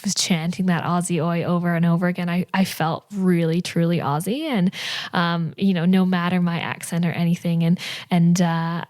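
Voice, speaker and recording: Lowish-voiced chatty young woman. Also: steady tone, normal speed, darkish tone. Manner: chatty, many fillers and 'like', 'you know'. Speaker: podcast guest. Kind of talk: casual interview storytelling.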